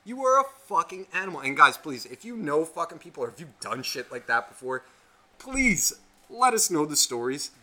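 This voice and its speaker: A man co-hosting a podcast, telling a rambling story in casual chat, profane and animated. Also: fairly high pitch, moderate pace. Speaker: podcast co-host.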